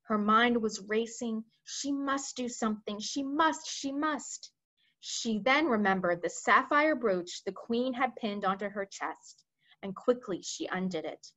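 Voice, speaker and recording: A woman reading a children's book aloud for a library, telling the story in a lively way with asides to listeners. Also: fairly high pitch, measured pace. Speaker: library read-aloud reader. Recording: dull lo-fi recording.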